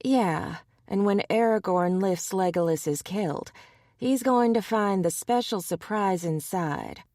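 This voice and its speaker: Woman doing a sassy young shifter woman, wry, quick-witted, audiobook. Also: medium pitch, dark tone, dry recording, studio quality.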